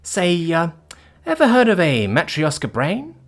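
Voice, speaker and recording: Brief: male narrator playing a gleeful, smug woman executive, high and very lively, mocking everyone. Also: measured pace, full character voice. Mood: smug lecturing. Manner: sarcastic, theatrical, gleeful. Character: brash witty female ex-CEO, mocking captors. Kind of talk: audiobook character voice.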